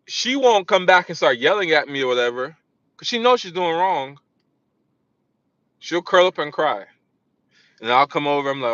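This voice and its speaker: A man's voice: fairly high pitch, lively intonation, brisk, bright, forceful tone, dry recording, highs cut off. A man talking in a casual vlog monologue, rambling and often restarting his sentences. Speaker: vlogger.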